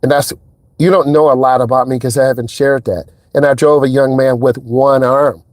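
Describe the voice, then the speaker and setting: A man talking casually as a driving instructor inside a car, telling stories in a lively way and acting out what people said. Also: moderate pace, dry recording. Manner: animated storyteller, acts out quotes in a higher voice. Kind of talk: casual vlog talk.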